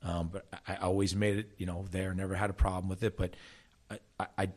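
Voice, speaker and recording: Middle-aged guy from south jersey, lowish voice, tells stories fast and animated, keeps restarting. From South Jersey, USA. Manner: animated storyteller, frequent restarts. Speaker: soccer coach and former player, guest. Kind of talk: casual interview storytelling.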